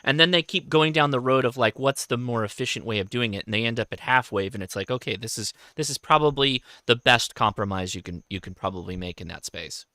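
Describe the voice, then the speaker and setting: Bright, crisp-voiced man chatting casually. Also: mid-range voice, dry recording, clean studio sound. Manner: halting, self-correcting, reads viewer questions aloud. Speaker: host. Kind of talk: casual livestream chat.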